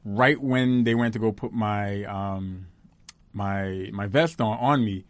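A man's voice: on the low side, slow pace, dry recording. A young man, the groom, chatting casually in a laid-back, joking, slangy way. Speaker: groom, her husband. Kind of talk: casual chat.

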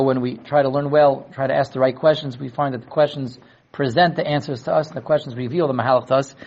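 A man teaching a Talmud class in a lecture style, acting out quoted dialogue and repeating words in quick restarts. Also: fairly high pitch, lo-fi sound. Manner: animated, acts out quoted dialogue. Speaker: Torah teacher.

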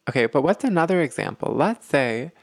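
Podcast host, male, mid-pitched, gravelly, close and dry sound, explains as he thinks. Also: very animated, a little fast, no room sound. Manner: explanatory, repeats words while thinking. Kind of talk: casual self-help podcast talk.

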